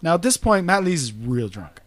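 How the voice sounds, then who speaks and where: A man's voice: fairly high pitch, a little fast. A man hosting a podcast, telling rambling, profane stories in casual chat. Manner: profane, rambling, animated storyteller. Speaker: podcast host.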